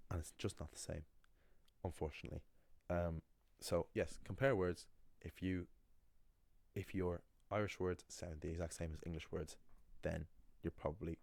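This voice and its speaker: Deep-voiced man giving a casual lesson. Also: dry recording. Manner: animated, acts out quoted voices. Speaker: language teacher.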